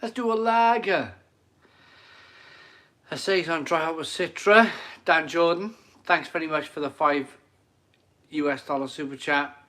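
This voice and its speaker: A man's voice: a little high, fairly even intonation, normal speed, sharp tone. A middle-aged man casually chatting on a live stream from his home kitchen, enthusiastic and rambling, repeating his phrases as he reads out viewer comments.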